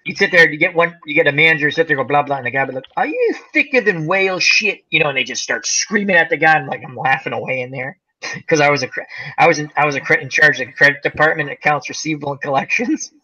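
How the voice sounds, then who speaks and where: A man's voice: a little high, racing, sharp tone, slightly rough, lo-fi sound. A man hosting a casual chat, telling rambling stories with lots of fillers. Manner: rambling storyteller, many fillers. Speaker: host.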